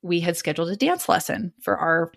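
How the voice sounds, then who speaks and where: A young adult woman, a podcast guest, retelling a personal story in an animated way and acting out the dialogue. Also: on the low side, brisk, creaky.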